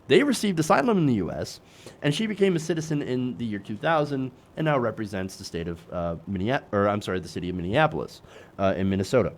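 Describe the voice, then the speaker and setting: A man's voice: fairly low pitch, very animated, fast, a little hiss or hum. A man hosting a political commentary show, sarcastic and self-correcting, with many fillers.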